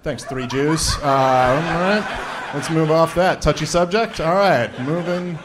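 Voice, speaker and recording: A man's voice: fairly high pitch, slow pace, background noise. A man doing a stand-up comedy set on a live event stage, sarcastic and rambling, often laughing at his own jokes. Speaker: stand-up comic opening an event.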